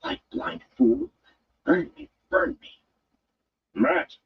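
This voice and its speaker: Rash young man, a man doing the voice, frantic, high jumps, blurting. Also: wildly swooping pitch, very slow, gravelly, narrow, tinny audio, full character voice. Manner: frantic, exclaiming.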